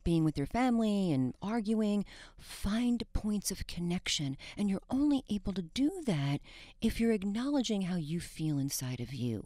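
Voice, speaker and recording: Animated woman guest with lively pitch. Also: normal speed, few pauses, no room sound, clean studio sound. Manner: animated, frequent restarts and laughs. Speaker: psychologist guest. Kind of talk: talk show interview.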